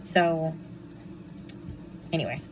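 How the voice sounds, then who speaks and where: A woman's voice: low voice, extremely slow, background noise. A young woman chatting casually and with snark as she reviews a book series, with frequent ums and asides.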